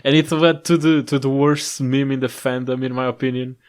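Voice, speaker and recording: A man's voice: medium pitch, fairly even intonation, brisk. A man co-hosting a podcast in casual chat, blunt and joking, swearing freely. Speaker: podcast co-host.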